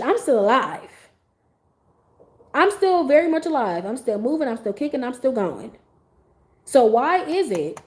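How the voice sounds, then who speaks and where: A young adult woman hosting a podcast, talking in a casual, blunt and animated way and swearing freely. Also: a little high. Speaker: podcast host. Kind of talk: casual opinion monologue.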